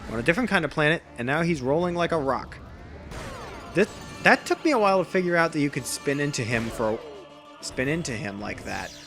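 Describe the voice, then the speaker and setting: A man's voice: fairly high pitch, big pitch swings, brisk, vocal fry, fairly bright tone, soft background music. A man giving casual, rambling, self-deprecating let's play commentary over a video game. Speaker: gameplay commentator.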